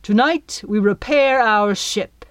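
A woman's voice: medium pitch, takes it slowly, clear, resonant tone, dry recording, natural voice. A woman voicing a bellowing pirate captain. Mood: commanding. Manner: bellowing, forceful. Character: blustering male pirate captain, proud and commanding.

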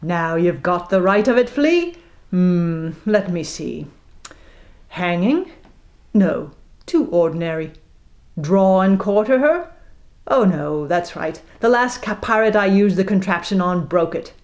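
A woman's voice: on the low side, expressive, slow, a little mellow, highs cut off. Woman doing a syrupy, gloating pirate captain. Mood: musing. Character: smug, cruel male pirate captain, theatrical.

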